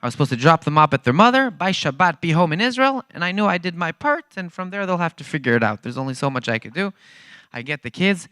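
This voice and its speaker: A man preaching to a church congregation, acting out each character in his story with lively energy. His voice is bright and smooth, and it is recorded close and dry. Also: a little high, fast talker, no echo. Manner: animated storyteller acting out dialogue. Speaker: guest speaker at a church.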